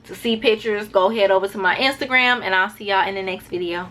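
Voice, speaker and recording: A woman's voice: mid-range voice, bright, forceful tone. A woman chatting her way through a casual packing vlog, rambling a little and talking to her viewers as y'all. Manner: talks fast at times to keep it short. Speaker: travel vlogger.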